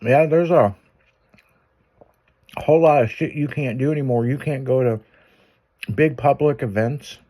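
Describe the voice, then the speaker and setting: A man's voice: mid-range voice, unhurried, pauses often, mellow. A man hosting a chat show, telling crude stories and laughing as he goes. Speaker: show host. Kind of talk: casual profane chat show banter.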